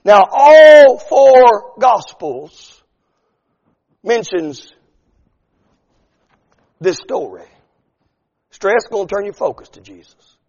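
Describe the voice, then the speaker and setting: A middle-aged male pastor preaching a sermon, building to shouted, drawn-out lines. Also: high-pitched, very animated, long reverb tail, lo-fi sound. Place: church sanctuary.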